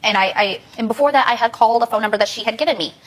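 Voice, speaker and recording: A young woman pours out her story on a talk show in a rushed, pleading flow. Her voice sits a little high and her words tumble out quickly. The sound is a clean studio recording. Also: poor audio. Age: young adult. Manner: rapid, pleading, emotional storytelling. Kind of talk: emotional talk show testimony.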